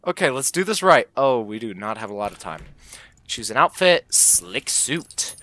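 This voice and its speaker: A man's voice: mid-range voice, big pitch swings, moderate pace, bright, forceful tone, no room sound. A man reading out the text of a comedy game as he plays, joking about the choices in a playful way and putting on voices for the lines. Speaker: gameplay commentator.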